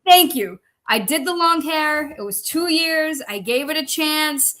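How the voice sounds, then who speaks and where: Bright-voiced blunt Northeastern woman. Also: high-pitched, lively intonation. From Massachusetts. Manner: blunt, profane, quick to laugh. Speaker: co-host, Army veteran. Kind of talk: casual chat.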